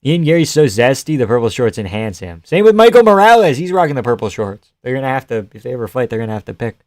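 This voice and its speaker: Young male streamer from Canada, rowdy live fight reactions, mid-pitched voice, dry close sound. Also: quick pace, no echo. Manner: excitable, swearing, laughing, chatting with viewers. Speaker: livestream host.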